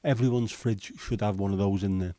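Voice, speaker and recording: A man's voice: fairly low pitch, fairly even intonation, a little fast, dark tone, no room sound. Chatty man hosting a livestream. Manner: chatty, jokey, rambling with small asides. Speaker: livestream host. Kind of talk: casual chat reading viewer comments.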